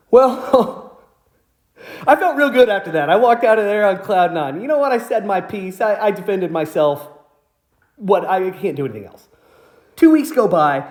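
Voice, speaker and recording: A man's voice: high-pitched, roomy sound. A man telling a personal story in a heated, profane rant as the host of his channel. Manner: angry, ranting, profane, heated outbursts. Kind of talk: casual storytelling monologue.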